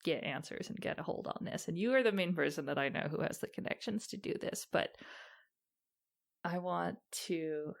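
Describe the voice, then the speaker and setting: Hesitant woman with a gravelly voice. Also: fairly low pitch, normal speed. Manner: hesitant and rambling, many fillers. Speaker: player. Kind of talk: casual in-character tabletop play.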